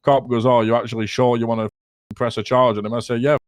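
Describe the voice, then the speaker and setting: A man's voice: medium pitch, level tone, quick pace, clear, resonant tone, dry recording. A young man telling a rambling, sweary story to friends, laughing as he goes. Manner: rambling, swears a lot, keeps laughing at his own story. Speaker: roleplay player telling a story. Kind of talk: casual in-character storytelling.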